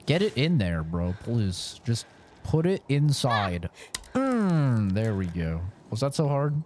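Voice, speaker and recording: A man's voice: mid-range voice, takes it slowly, a little hiss or hum. A tired young man streaming a game, talking to himself, swearing and bursting out as he plays. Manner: swearing, self-talking, excitable outbursts. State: tired from a long session. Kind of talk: live gaming commentary.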